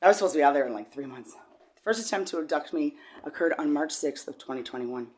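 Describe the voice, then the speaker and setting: Halting, rambling woman with a low voice. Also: lively intonation. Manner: rambling, halting, with many repeated words; shifts from low and quiet to loud and high when agitated. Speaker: vlogger. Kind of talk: emotional personal testimony.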